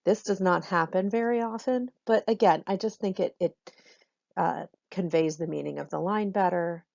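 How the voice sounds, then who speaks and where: Female teacher, low voice with some fry, relaxed explanatory lesson delivery, dull dry recording. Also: normal speed, no echo. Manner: relaxed explanatory, frequent ums. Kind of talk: recorded lesson on Shakespeare's meter.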